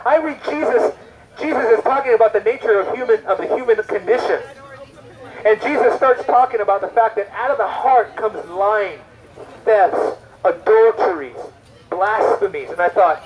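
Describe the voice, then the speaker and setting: A man with a high voice preaching an evangelistic sermon. He talks with emphasis and asks the listeners one rhetorical question after another. The recording sounds dull and lo-fi. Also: moderate pace.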